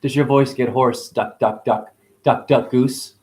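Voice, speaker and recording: A man's voice: mid-range voice, fairly even intonation, measured pace, mellow. A man acting as a spiritual teacher, talking through a rambling monologue with free-associating wordplay and musing asides.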